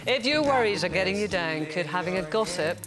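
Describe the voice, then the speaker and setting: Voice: mid-range voice, expressive, brisk, over music. A host presenting a talk show and teasing guests.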